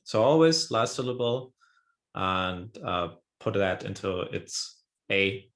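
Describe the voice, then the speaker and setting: Slow, gravelly man teaching a lesson. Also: fairly low pitch, a bit bright. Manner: patient step-by-step explaining, often checking with "right?". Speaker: Japanese teacher. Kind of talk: online language lesson.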